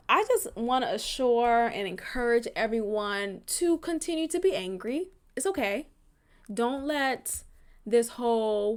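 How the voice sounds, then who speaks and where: A woman hosting a podcast, giving impassioned and profane solo commentary that moves between tired, quiet stretches and angry outbursts. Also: a little high, expressive, unhurried. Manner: fiery, profane, swings from weary to shouting. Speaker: podcast host.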